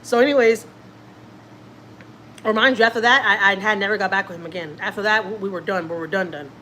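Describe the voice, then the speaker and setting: The woman, a family vlogger from Houston, Texas, speaks a little fast in a slightly bright, medium-pitched voice, with some hiss or hum behind her. Chatty and repetitive, she shares a personal story and voices what others said.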